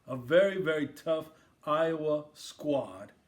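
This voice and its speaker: A man's voice: fairly high pitch, expressive, slow pace. A man from Queens hosting a casual sports podcast, riffing and raising toasts. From Queens, New York. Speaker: podcast host.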